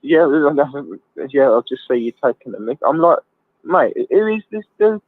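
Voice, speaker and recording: A man's voice: mid-range voice, very animated, measured pace, no echo. A male caller, chatting casually and ranting, calling the host mate and son. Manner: ranting, swears, calls people mate and son. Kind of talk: casual chat. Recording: tinny phone line.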